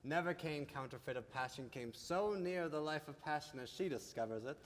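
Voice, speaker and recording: A man's voice: on the high side, expressive, normal speed, close to an everyday voice. A man playing an earnest white-bearded father. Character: older nobleman, a bride's father. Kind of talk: stage play performance. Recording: reverberant hall.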